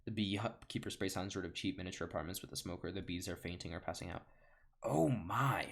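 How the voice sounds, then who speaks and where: A young man reads a movie script aloud in a deep, low voice with a flat, worn-out delivery. The narration is deadpan, as if he is slogging through a long home recording. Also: fast talker, gravelly. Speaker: online comedian. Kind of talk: comedic script reading.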